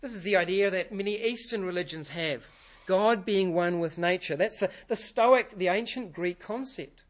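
A man's voice: high-pitched, normal speed. A man preaching a sermon in a church, earnest and repeating key phrases for emphasis. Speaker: pastor.

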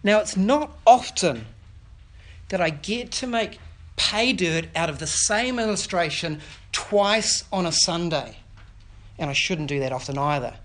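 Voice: mid-range voice, expressive, measured pace. New pastor preaching a sermon. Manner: addresses children with questions, earnest, explains scripture.

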